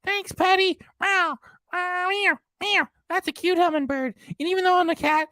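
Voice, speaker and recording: A livestream host putting on a high, sing-song voice for a cheerful cat mascot who meows and hands out good-luck blessings. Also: steady tone, moderate pace, bright, forceful tone, no echo, clean studio sound. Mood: cheery, sing-song. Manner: sing-song meowing and thanking, drawn out.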